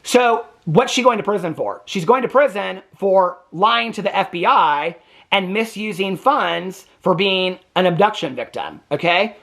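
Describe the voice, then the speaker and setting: A man's voice: high voice, lively intonation, measured pace, a bit bright. A man hosting a TV reaction channel, giving opinionated commentary in an indignant, emphatic way and stressing points with a repeated "okay?". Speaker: TV reaction host.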